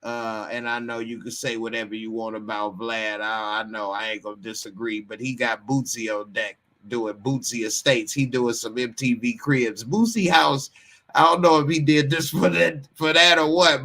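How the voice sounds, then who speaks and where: A man's voice: mid-range voice, fairly even intonation, normal speed, sharp tone. A man hosting a casual live stream, laid-back and chuckling as he greets chatters. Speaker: livestream host.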